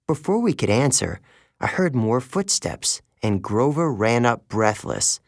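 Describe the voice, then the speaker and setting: A man's voice: mid-range voice, big pitch swings, measured pace, gravelly, no echo. A man narrating an audiobook in the first person, wry and conversational, close to a studio mic.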